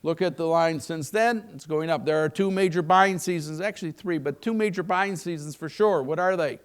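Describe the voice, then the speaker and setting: A man's voice: a little high, normal speed, clear, resonant tone. An older man giving a live keynote on the economy, folksy and joking, asking the audience questions. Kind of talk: live keynote talk with anecdotes.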